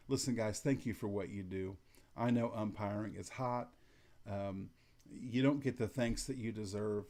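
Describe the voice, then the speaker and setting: A middle-aged man talks umpires through handling coaches in a calm, matter-of-fact way. His voice is mellow and warm rather than bright, and when he acts out what to say on the field, his tone stays level and unhurried. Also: fairly low pitch. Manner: calm, matter-of-fact, demonstrates lines in a flat even tone. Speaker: umpire instructor. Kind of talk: instructional talk to umpires.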